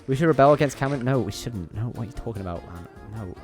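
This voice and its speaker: A man's voice: mid-range voice, expressive, quick pace, music in the background. A young man streaming a game from his bedroom, chatting playfully and rambling to his viewers. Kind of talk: casual chat while gaming. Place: home bedroom.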